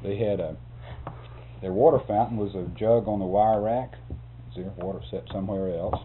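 An older man, a photographer, tells a rambling story in an interview, chuckling, folksy and animated. His voice is on the low side at a moderate pace, captured on tinny lo-fi tape with hum.

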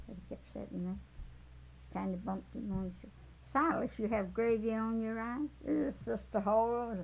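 A woman's voice: fairly high pitch, steady tone, moderate pace, gravelly. An older woman telling a rambling family story, chuckling and correcting herself as she goes. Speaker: storyteller interviewee. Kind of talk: folksy anecdote telling. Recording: tinny phone-like tape with faint hiss.

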